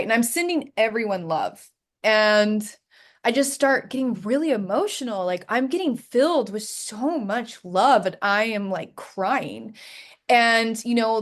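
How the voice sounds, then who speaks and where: Earnest woman guest telling a story. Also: medium pitch. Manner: earnest, animated storyteller who acts out quoted voices. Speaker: matchmaker, podcast guest. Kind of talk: casual interview chat.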